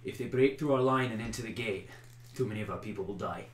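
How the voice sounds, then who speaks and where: A man voicing a cool, wary male commander who distrusts orcs and speaks quickly, in a measured way, in a tabletop game. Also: a little hiss or hum, close to an everyday voice. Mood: calm. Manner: quick, measured and low, rising to shouts. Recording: roomy echo.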